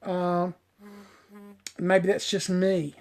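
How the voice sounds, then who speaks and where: A man's voice: monotone, very slow. A middle-aged man who works as a hairstylist, chatting casually and folksily with viewers on a live stream and calling them y'all. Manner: breaks off to coax his dog in a high sing-song. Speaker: hairstylist hosting a live show.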